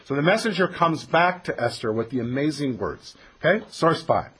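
A man teaching a text study lesson, with a slightly husky voice that sits a little high. He tells the story with plenty of swing in his pitch and reads his sources aloud. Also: lively intonation, normal speed, fairly bright tone.

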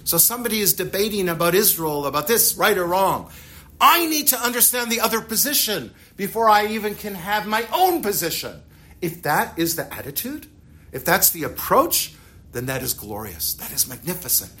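A man teaching a religious text to a class, lively and animated, acting out little dialogues as he explains. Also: sits high, moderate pace. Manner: animated, acts out dialogues with shifting loudness.

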